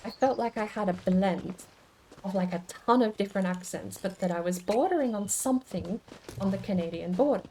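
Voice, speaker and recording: A woman's voice: medium pitch, brisk, a little mellow, slight background noise. Chatty musing woman streamer. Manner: chatty and musing, with many restarts; answers chat comments aloud. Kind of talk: casual stream chat.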